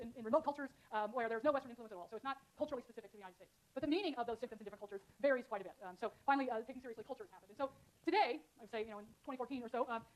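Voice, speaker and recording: Woman lecturer talking really fast, bit higher voice, lots of ums, chatty explaining. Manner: fast, filler-heavy, conversational explaining. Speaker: university lecturer. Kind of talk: classroom lecture. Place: lecture hall.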